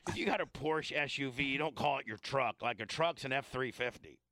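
A man's voice: medium pitch, brisk, sharp tone, no echo. A man hosting a radio show, joking and teasing his guests in casual banter. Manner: joking, teasing, breaks into comic impressions. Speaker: radio host.

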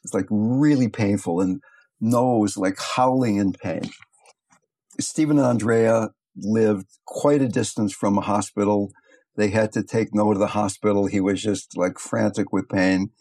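An older man, a meditation teacher, giving a gentle, thoughtful talk and telling stories along the way. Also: fairly low pitch, steady tone, unhurried, breathy edge. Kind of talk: reflective talk with storytelling.

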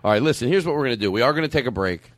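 A man's voice: mid-range voice, expressive, rapid-fire, no echo, clean studio sound. A man hosting a comedy podcast, bantering playfully and laughing often. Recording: music from a live band. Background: live band playing.

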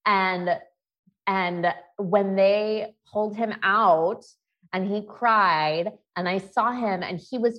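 A woman in her thirties speaks candidly on a podcast, frank and open, dropping swear words easily. Her voice sits at an ordinary pitch for a woman. The recording sounds a little dull and muffled. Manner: frank and emotional, swears freely. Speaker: podcast co-host. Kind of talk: candid personal chat.

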